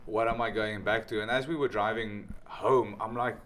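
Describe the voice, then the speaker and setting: A man hosting a podcast, talking in a loose, excitable way and swearing casually, in casual conversation. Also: on the low side, moderate pace. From not from the United States. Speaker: podcast host.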